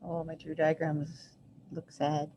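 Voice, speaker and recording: A woman with a low voice, flat delivery, and slow pace teaches a recorded math lesson, chatting and poking fun at herself as she thinks aloud while drawing. The recording is muffled and lo-fi with faint hiss.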